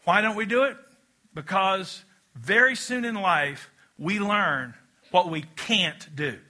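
A man's voice: high-pitched, animated, slow, pushed and bright. A man preaching a sermon in a church, talking conversationally and drawing the congregation into call-and-response. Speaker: pastor. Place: church auditorium.

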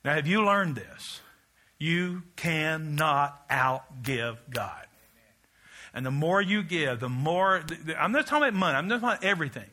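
A man's voice: fairly high pitch, expressive, normal speed, pushed and bright. A man preaching a rousing, rhythmic sermon, leading the congregation in chants and slipping in joking asides. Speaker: pastor.

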